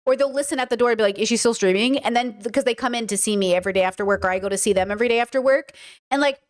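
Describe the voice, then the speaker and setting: A woman's voice: a little high, very fast. A woman streamer giving opinionated casual commentary, joking around with many "like" and "okay" asides.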